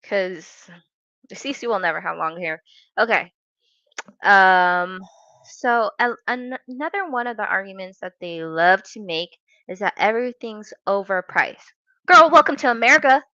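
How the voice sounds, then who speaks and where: A woman's voice: medium pitch, measured pace, pushed and bright, no echo, muffled recording. A woman giving sassy, mocking reaction commentary. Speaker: commentary youtuber.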